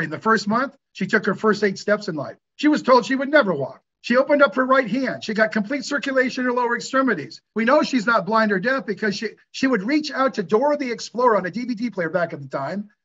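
A middle-aged man talks in a high voice as a guest in an interview. He tells stories earnestly and preaches a little, asking rhetorical questions. The recording sounds dull and lo-fi. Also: lively intonation, fast talker, bright, forceful tone, slight background noise. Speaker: hyperbaric clinic owner, guest. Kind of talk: conversational interview storytelling.

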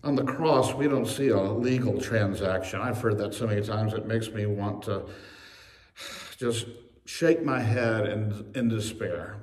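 A male pastor preaching a sermon with emphasis, slowing on key phrases and speeding through asides. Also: lowish voice, darkish tone. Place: church sanctuary. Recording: echoey church from a distance.

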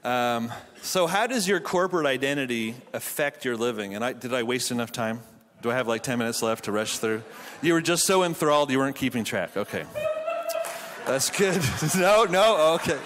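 A man's voice: mid-range voice, fairly quick, fairly bright tone, a little hiss or hum. Joking man preaching at a conference. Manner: jokey storytelling, then earnest Bible teaching. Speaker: conference speaker. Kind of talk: humorous conference sermon. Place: conference hall.

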